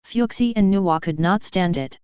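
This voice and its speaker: Woman narrating an audiobook, crystal clear. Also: on the low side, normal speed, darkish tone, dry recording. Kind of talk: scripted narration.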